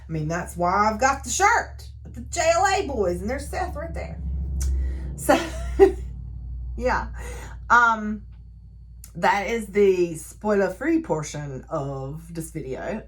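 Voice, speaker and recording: A woman recapping and reviewing a novel in a chatty, animated way, laughing often and using lots of fillers. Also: on the low side, husky. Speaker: book reviewer. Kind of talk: casual book recap.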